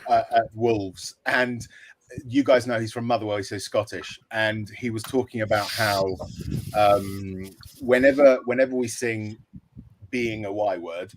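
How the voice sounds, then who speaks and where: A man's voice: fairly low pitch, fairly even intonation, measured pace, slight background noise, poor audio. A man co-hosting a casual fan chat, rambling with many fillers and restarts, laughing often. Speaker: co-host.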